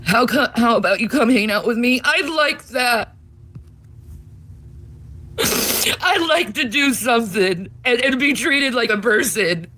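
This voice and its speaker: A woman's voice: a little high, lively intonation, measured pace, long pauses, pushed and bright, slight background noise. A woman arguing on a livestream, tearful, pleading and bitter, swearing often. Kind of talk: heated argument on a livestream.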